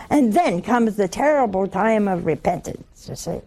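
A woman's voice: medium pitch, expressive, normal speed, hardly any pauses, dark tone. A woman giving a Catholic storytelling sermon, chatty and humorous, full of homely anecdotes. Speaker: Catholic religious speaker.

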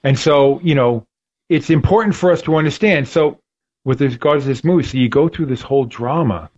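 A man's voice: a little high, fairly quick, darkish tone, muffled recording. A man hosting a faith podcast, talking earnestly with a preacherly rhythm and repeated phrases for emphasis. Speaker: podcast host.

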